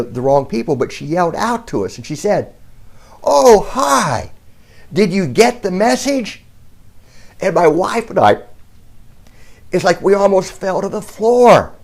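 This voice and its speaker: A middle-aged man with a gravelly, creaky edge to his voice tells a story in a calm, earnest way. His pitch rises and falls freely, and he talks straight to the camera as a self-help speaker. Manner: calm, earnest storytelling with lively ups and downs. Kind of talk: talking to camera, telling a story.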